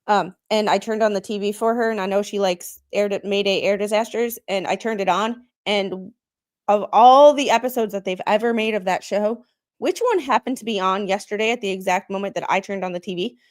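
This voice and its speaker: A woman's voice: mid-range voice, a little fast. Woman, host, chatty, rambling, casual livestream chat. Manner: chatty, rambling, many ums.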